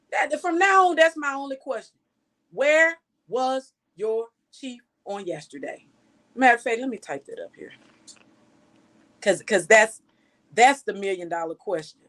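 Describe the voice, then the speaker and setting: A woman's voice: high voice, fairly bright tone. A woman journalist giving outspoken, scolding news commentary full of rhetorical questions.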